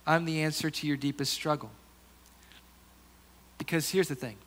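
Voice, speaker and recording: A pastor preaching a sermon in an earnest, conversational way, often restarting his sentences and dropping to softer asides. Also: fairly high pitch, normal speed.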